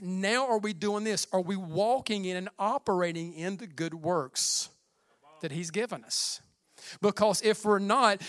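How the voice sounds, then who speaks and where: A man preaching a sermon as pastor, passionate and building to shouted climaxes, with casual asides. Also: high voice, no echo, studio quality.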